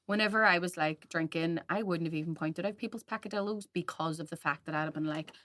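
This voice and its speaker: A woman's voice: fairly low pitch, fast talker, a bit bright. A woman co-hosting a podcast, chatting casually and frankly, swearing freely. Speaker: podcast co-host. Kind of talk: casual chat.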